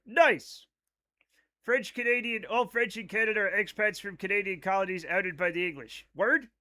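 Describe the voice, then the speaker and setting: High bright-voiced joking streamer man. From United States. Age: 30s. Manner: joking, reads chat aloud. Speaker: live streamer. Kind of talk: casual chat while gaming.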